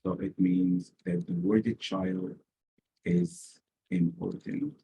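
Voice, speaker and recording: Slow, husky-voiced male teacher. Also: deep voice, very animated, mellow, poor audio. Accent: Arabic-speaking. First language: Arabic. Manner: explains slowly, repeats key words for emphasis. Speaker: SAT teacher. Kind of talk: recorded lecture.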